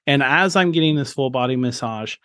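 A man's voice: mid-range voice, lively intonation, brisk, a bit bright, dry recording. A man in his thirties, a podcast host, candidly sharing his own story in an interview, earnest and open with frequent restarts.

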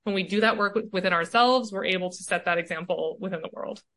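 A woman speaking as a coach and podcast guest in casual conversation. She is animated and keeps tagging her points with "right?". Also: medium pitch, quick pace. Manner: animated, often tags "right?".

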